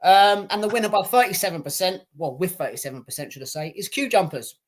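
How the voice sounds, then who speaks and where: A British man co-hosting a casual podcast, chatty and swearing freely, talking to listeners as ladies and gentlemen. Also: high voice, expressive, fast. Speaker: podcast co-host.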